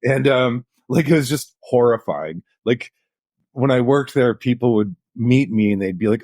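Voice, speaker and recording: A man's voice: medium pitch, lively intonation, normal speed, darkish tone, no room sound, clean studio sound. A middle-aged man, a journalist guest, telling anecdotes in a casual interview with lots of "like" fillers. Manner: anecdotal, chatty, many "like" fillers.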